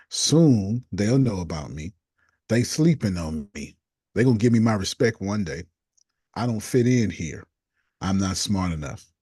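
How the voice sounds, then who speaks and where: A man coaching a group, reading out negative self-talk statements one after another in a deliberate, casual way. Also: low voice, a little mellow, breathy edge, no room sound, studio quality.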